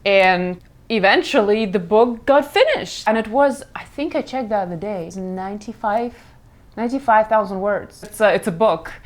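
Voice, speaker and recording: A woman's voice: mid-range voice, moderate pace. A young woman with a Russian accent whose first language is Russian, chatting casually about her work in a rambling, frank way that keeps correcting itself. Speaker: comic creator. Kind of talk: casual chat.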